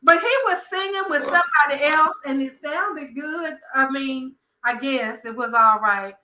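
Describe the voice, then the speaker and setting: A woman with a Southern American accent, hosting a casual soap opera chat and acting out characters' lines in a profane, animated way. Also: sits high, a little slow, reverberant, rough recording. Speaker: podcast host.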